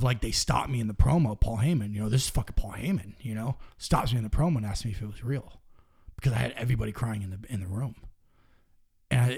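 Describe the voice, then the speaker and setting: A man's voice: on the low side, vocal fry, darkish tone, husky. A young man, a professional wrestler, telling stories in casual, profane talk that drops to near-whispers. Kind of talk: casual storytelling.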